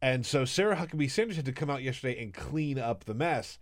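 Animated sarcastic male podcast host. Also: mid-range voice, quick pace. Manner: sarcastic, animated, laughs often. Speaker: guest host. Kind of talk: casual political podcast chat.

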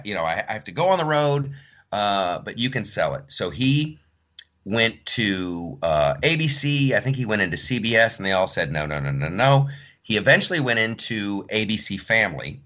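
A man's voice: lowish voice, bright, forceful tone. A man telling a story in casual podcast chat, acting out other people's lines. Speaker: podcast host.

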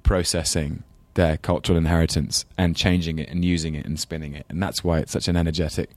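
A man with a low voice and an English London accent muses at length, stopping and restarting his sentences. He laughs easily and pokes fun at himself. The sound is dry and close. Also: steady tone, quick pace, no echo. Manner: thoughtful, rambling, self-deprecating, laughs often. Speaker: actor guest. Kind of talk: casual interview chat.

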